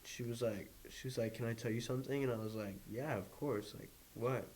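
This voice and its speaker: A man's voice: medium pitch, a little fast, darkish tone, slight background noise, rough recording. A young man, a guest in an interview, telling a personal story in a rambling way, full of "like" and quoted dialogue. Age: young adult. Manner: rambling, heavy use of "like", quoting others. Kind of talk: candid storytelling.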